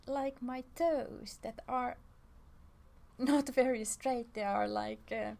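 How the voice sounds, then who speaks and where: A young adult woman hosting a gentle self-help talk, soft and tender, often sinking into a breathy half-whisper. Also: a little high, steady tone, slow pace. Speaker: self-help video host.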